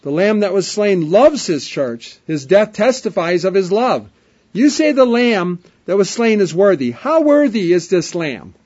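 Man, preacher, emphatic sermon, repeated refrains, rising and hushed, slightly high voice, dull lo-fi recording. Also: sing-song, a little slow, husky.

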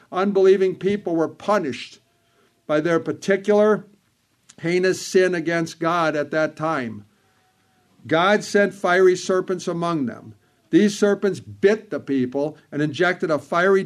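A man preaching a sermon, speaking in measured phrases, repeating words for emphasis and quoting old scripture wording. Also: high voice.

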